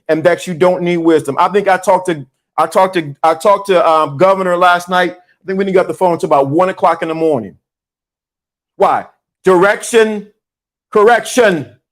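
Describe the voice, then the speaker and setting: High-voiced man preaching to his chat. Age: 50s. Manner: preachy, repeats lines for emphasis. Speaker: host. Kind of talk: motivational talk to a live chat.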